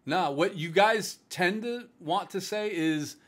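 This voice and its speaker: A man's voice: high voice, slow, few pauses, a bit bright. Blunt, rambling man with a lifted voice. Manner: blunt and rambling, full of "like", "um" and "bro". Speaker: streaming platform staff host. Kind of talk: casual livestream talk to viewers.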